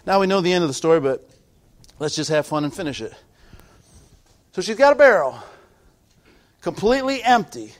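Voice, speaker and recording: A middle-aged man preaching in a sermon, his voice sitting notably high for a man. He builds to loud, emphatic peaks, then drops to low, quiet asides. He repeats words in rhythm and calls out to his listeners. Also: expressive, normal speed, pauses often. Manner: repetitive, rhythmic preaching with call-outs to the audience. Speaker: pastor.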